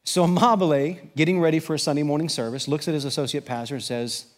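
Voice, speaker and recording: A middle-aged American man, a pastor, delivering a sermon as an animated storyteller who builds to emphatic preaching. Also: fairly high pitch, fast, long reverb tail. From United States.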